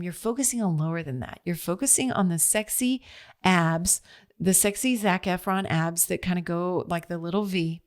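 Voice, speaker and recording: A middle-aged woman hosting her own podcast, talking in a chatty, expressive way and laughing at herself as she goes. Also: on the low side. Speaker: podcast host. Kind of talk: casual solo monologue. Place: seated at home recording.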